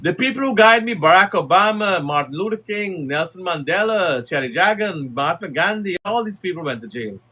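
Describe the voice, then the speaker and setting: A man's voice: sits high, animated, fairly quick, few pauses, bright, forceful tone, husky. Fiery Guyanese man giving a speech. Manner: oratorical, rising to emphatic declarations. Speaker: political commentator. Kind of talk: impassioned broadcast speech.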